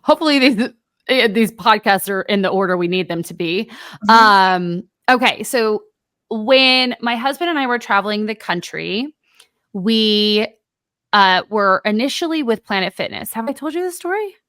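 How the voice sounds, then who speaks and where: A woman co-hosting a podcast, telling a story in a lively, casual way and acting out both sides of an argument. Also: medium pitch, normal speed, dry recording. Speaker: podcast co-host.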